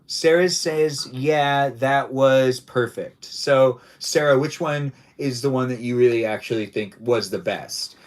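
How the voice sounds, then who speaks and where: A man's voice: medium pitch, unhurried, hardly any pauses. A man hosting a casual livestream, rambling playfully and repeating his own phrases as he chats with viewers and guests. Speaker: livestream host.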